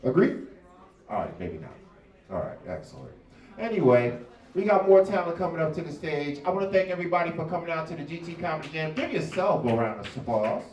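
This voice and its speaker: A man emcees a comedy night, bantering between acts in a voice that swoops up and down a lot and sits slightly high. He sounds roomy and distant in the bar. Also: sing-song, brisk, a little mellow. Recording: echoey bar room recorded from afar.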